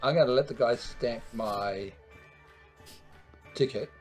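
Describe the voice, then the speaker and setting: A man's voice: mid-range voice, slow, darkish tone, soft background music. A man playing a tabletop game, bantering playfully and swearing casually. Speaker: player.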